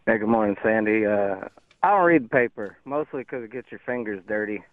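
A man's voice: lowish voice, brisk, no echo. Male radio caller on a tinny phone line. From lives in Lubbock, Texas. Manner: rambling, folksy, many fillers. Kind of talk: phone-in conversation.

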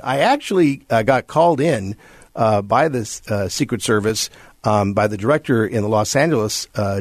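A husky, gravelly man speaks as a guest on a finance talk show, telling a story from his past. He leans into the quoted lines, raising his voice for the other people in the tale. The sound is dry and close, with no room around it. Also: mid-range voice, no room sound. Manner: animated anecdote telling, acting out quoted voices. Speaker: guest, bankruptcy attorney. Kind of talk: storytelling interview answer.

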